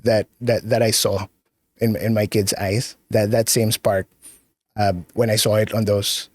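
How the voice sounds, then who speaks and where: A Filipino man with a low voice speaks in an earnest, halting way, circling back over his words as he thinks. He sounds like a podcast guest recorded close and dry, with no room around him. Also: little pitch movement, dry recording. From Philippines. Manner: earnest, halting, repeats words, mixes in Tagalog. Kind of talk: casual interview chat.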